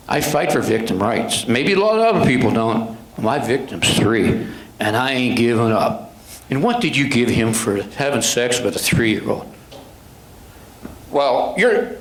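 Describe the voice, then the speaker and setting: A man's voice: medium pitch, a bit bright. An older man, a police sergeant, telling a story to a club and acting out what a judge and attorneys said to him. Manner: retells dialogue, acting out voices of judges and attorneys. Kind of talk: anecdotal storytelling talk. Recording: echoey room.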